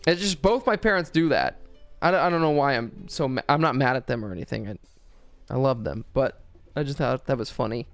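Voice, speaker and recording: A man's voice: mid-range voice, lively intonation, brisk, soft background music. Rambling, foul-mouthed young male streamer. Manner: rambling, crude, profane, joking. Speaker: game streamer. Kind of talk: casual gaming stream chat.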